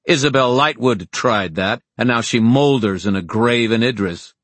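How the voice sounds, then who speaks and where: A man's voice: mid-range voice, moderate pace, fairly bright tone, no room sound, pitched above the performer's own voice, lightly acted. A man reading an audiobook, voicing an arrogant, ruthless young male villain in a sneering, commanding tone. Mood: menacing.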